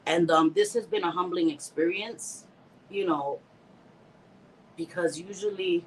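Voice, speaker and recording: A woman's voice: lowish voice, unhurried, a little hiss or hum, low-quality recording. A woman hosting a casual livestream, emotional and teary but laughing through it, heartfelt and rambling as she answers viewers, still getting over a bad cold. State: recovering from a bad cold, slightly stuffy. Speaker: livestream host. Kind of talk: casual livestream chat reading viewer comments.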